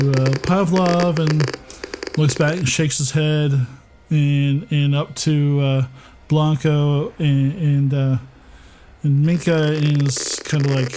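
A man running a tabletop game as game master, narrating in a halting way with many pauses. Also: on the high side, warm tone, low-quality recording.

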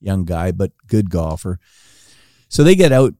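A man on a podcast, telling a long funny anecdote casually and acting out the quoted lines with lively rises. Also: measured pace, no echo, studio quality. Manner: animated storytelling, acting out quoted lines with rising pitch. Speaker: podcast guest storyteller.

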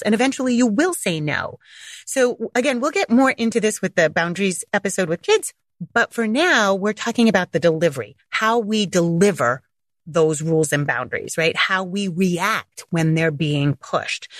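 Chatty lady parenting coach, voice jumps all over when she quotes people, dry close sound. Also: dry recording. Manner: animated, acts out quotes with big pitch jumps. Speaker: parenting coach, podcast host. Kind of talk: casual monologue podcast.

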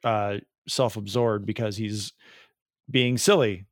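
A man's voice: lowish voice, steady tone, slow pace, no echo. Easygoing man, dry close sound. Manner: easygoing, laughs often, hedging. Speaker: podcast host. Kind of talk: casual chat.

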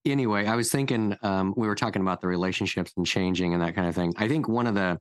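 A man who is a therapist and podcast co-host, speaking in a reflective, measured way with dry humor. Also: low-pitched, clean tone, no echo. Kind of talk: casual conversational interview.

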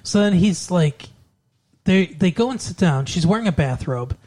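A man's voice: high-pitched, lively intonation, moderate pace, darkish tone. A man co-hosting a casual chat, rambling through a movie plot and loosely acting out the characters' lines. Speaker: podcast co-host.

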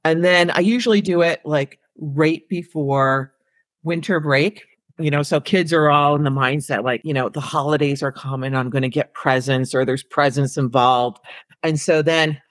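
A woman, an elementary school counselor, telling a story in casual, animated talk with lots of "like" and "you know.". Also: sits low, moderate pace, no echo.

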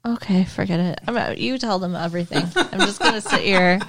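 A woman co-hosting a podcast, chatting about a movie in a halting, blunt, casual way. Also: mid-range voice, background noise. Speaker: podcast co-host.

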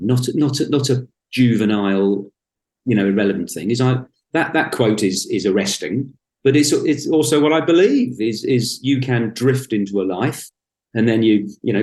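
A man in his fifties speaking as a podcast guest, joking about himself in a wry, blunt way. His voice sits at an ordinary middle pitch. The room around him is roomy and echoey. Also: normal speed, a little mellow. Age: 50s. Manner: wry, self-mocking, blunt humor. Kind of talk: casual conversation. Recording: roomy echo.

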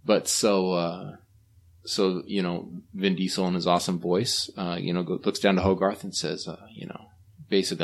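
A man's voice: sits low, level tone, normal speed, gravelly. A man co-hosting a podcast in casual chat, retelling movie scenes with eager feeling. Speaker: podcast co-host.

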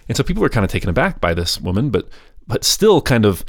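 A podcast host telling a history story in a casual, chatty way, with wry grumbling asides. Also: male voice, on the low side, big pitch swings, fast, no echo, studio quality.

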